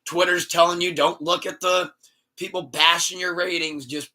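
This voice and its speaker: Podcast host, male, animated ranting storyteller with a bright, sharp tone, casual chat. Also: high-pitched, moderate pace. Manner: animated, swearing, storytelling rant.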